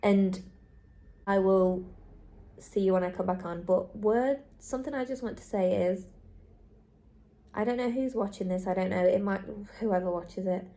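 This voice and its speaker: An earnest young woman vlogs to camera in a candid monologue. Her voice sits at a middle pitch, and she repeats lines for emphasis in a heartfelt, unpolished way. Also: normal speed, long pauses, mellow. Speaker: travel vlogger.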